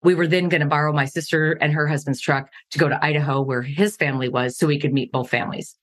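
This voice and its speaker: Low-voiced woman telling her story. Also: fairly even intonation, fast. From Montana. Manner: earnest, laughs at painful memories. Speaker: podcast guest. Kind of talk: candid personal storytelling.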